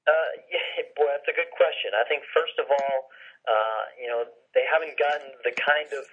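A man co-hosting a baseball podcast who talks rapidly in casual sports chat. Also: medium pitch, breathy edge. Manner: rapid, many fillers and restarts. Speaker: podcast co-host, college baseball analyst. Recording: tinny phone line.

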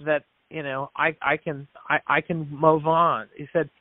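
A man's voice: fairly high pitch, level tone, measured pace, dry recording. A man guesting on a podcast, earnestly telling a story, acting out the dialogue and often restarting his words. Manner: earnest storyteller who acts out quoted dialogue; frequent restarts and repeated words. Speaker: podcast guest, business founder. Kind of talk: storytelling in an interview. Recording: tinny phone-like dry line.

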